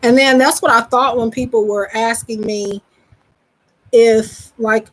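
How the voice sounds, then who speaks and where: Her voice is a little high with a steady tone and an unhurried pace, captured in a rough recording with a bit of hiss or hum. She's a psychic reader from the Southern United States with a Southern accent, rambling chattily on her live stream, making fun of herself and restarting a lot.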